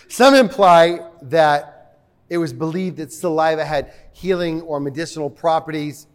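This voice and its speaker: Male pastor, light high voice, chatty sermon delivery with humorous asides. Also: unhurried, smooth. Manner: conversational, joking asides to the congregation.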